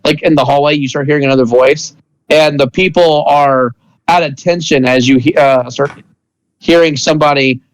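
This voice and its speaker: A man's voice: a little high, fairly even intonation, moderate pace, dry recording, low-quality recording. A young man narrating as game master in a rambling way, full of "like" and restarts. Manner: rambling, many fillers and restarts.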